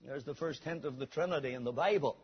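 A man's voice: medium pitch, quick pace, breathy edge. A man preaching a sermon, reading scripture aloud and telling a story to his listeners. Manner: reads scripture aloud then tells a story. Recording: dull recording in a hall with long reverb.

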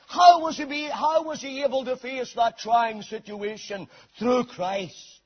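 A man preaching a sermon dramatically, swinging between hushed passages and shouted ones. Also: very high-pitched, measured pace, breathy edge. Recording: dull lo-fi sermon recording.

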